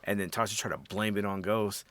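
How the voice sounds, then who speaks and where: A man's voice: lowish voice, steady tone, fairly quick, fairly bright tone. A man co-hosting a casual podcast, retelling scenes with lots of swearing and acted-out quotes. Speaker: podcast co-host. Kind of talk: casual chat.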